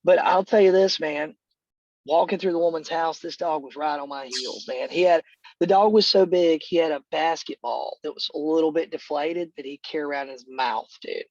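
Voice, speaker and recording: A man's voice: on the high side, moderate pace, a little mellow, dry recording, lo-fi sound. A middle-aged man, a real estate agent, telling a story in casual talk on a call, rambling and full of fillers like "dude" and "man".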